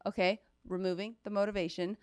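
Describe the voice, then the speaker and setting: A woman's voice: medium pitch, fairly even intonation, quick pace, darkish tone, dry recording. A woman hosting a podcast, restating her guest's points with emphasis. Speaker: podcast host. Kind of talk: casual podcast chat.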